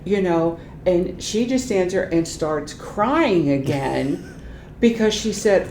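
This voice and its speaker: An older woman with a low voice tells lively workplace stories in an oral history interview. Her voice rings in an echoey room with a faint rumble underneath. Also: slow pace. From Ohio, United States. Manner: lively anecdotal storytelling. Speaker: retired transition specialist.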